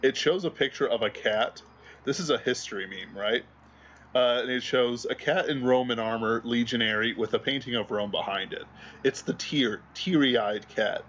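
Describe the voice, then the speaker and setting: A man's voice: medium pitch, normal speed, fairly bright tone, lo-fi sound, a little hiss or hum. A man co-hosting a livestream in casual chat, rambling while hunting for memes. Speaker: livestream co-host.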